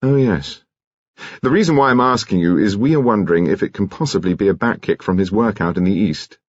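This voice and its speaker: A man's voice: lowish voice, animated, brisk, no echo, lo-fi sound. Urbane detective, dry and polished, lightly mocking, voiced by a man. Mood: probing. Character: cool, urbane police detective, middle-aged man.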